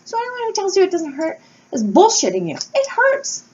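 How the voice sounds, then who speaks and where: A woman, chatting candidly to camera from home as a YouTuber, telling stories with lively energy and casual swearing. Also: extremely high pitch, fairly quick. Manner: candid, animated storytelling with swearing and laughs. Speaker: wax-melt YouTuber and blogger. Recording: slightly dull home recording with faint background noise.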